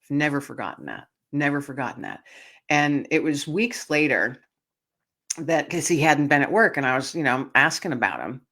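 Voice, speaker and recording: A woman's voice: low voice, lively intonation, normal speed, fairly bright tone. A woman hosting a podcast, tearful and earnest as she tells a personal story and speaks directly to her listeners. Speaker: podcast host.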